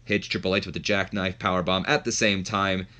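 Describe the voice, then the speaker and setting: Low-voiced guy narrating a wrestling sim, bright forceful tone, chatty and self-deprecating. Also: level tone, fairly quick. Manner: chatty, self-deprecating, often restarts sentences. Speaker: game streamer. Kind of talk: casual let's-play commentary.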